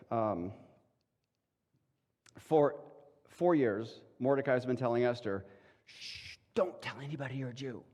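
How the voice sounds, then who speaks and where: A man delivers a conversational sermon, slipping into quick voices to act out the people in the story. His voice sits a bit high for a man. The sound rings with the long reverb of a church hall. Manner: casual and animated, acting out quick voices. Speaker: pastor. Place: church sanctuary.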